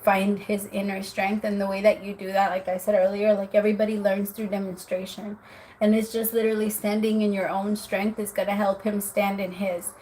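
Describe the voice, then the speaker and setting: A woman's voice: medium pitch, slight background noise. A woman giving a live-stream tarot reading, chatty, with many filler words, calling the viewer "my love". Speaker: tarot reader.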